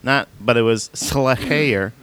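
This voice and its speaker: A man's voice: medium pitch, lively intonation, moderate pace, heavy background noise. A man co-hosting a podcast in casual chat, rambling and joking, laughing often as he talks. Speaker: podcast co-host.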